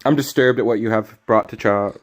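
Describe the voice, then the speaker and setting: A man streaming a card game, chatting casually with his viewers, teasing them and breaking into loud, sudden reactions. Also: fairly low pitch, fairly quick, faint music behind. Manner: casual, teasing banter with chat. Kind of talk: live game stream commentary.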